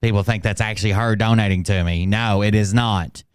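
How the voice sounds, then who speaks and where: A man comments in a sarcastic, mocking tone over the clips he reacts to. His voice is smooth and close, with almost no room sound. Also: lowish voice, steady tone, fairly quick, no echo. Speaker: commentary host.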